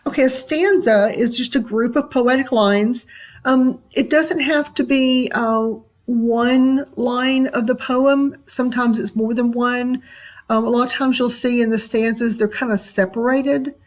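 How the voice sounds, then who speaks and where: Slow-talking woman teacher, many ums. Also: fairly high pitch. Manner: relaxed and unhurried, many ums and uhs. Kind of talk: recorded classroom lesson.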